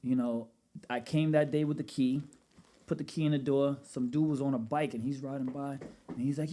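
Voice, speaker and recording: Podcast guest: Brooklyn man, New York accent, 30s, animated storyteller, slangy. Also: medium pitch, fairly quick. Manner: animated storyteller, street slang, frequent "you know what I'm saying". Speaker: podcast guest, rental business owner. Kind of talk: casual podcast conversation.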